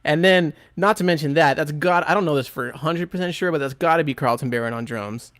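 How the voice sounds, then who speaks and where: A man hosting a music podcast talks with eager enthusiasm, his voice smooth and clear. He fills his sentences with ums and asides. The sound is dry and close, with no room echo. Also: on the high side, fast talker, a bit bright. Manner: chatty, enthusiastic, full of fillers. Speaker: podcast host and record selector. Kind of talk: casual chat.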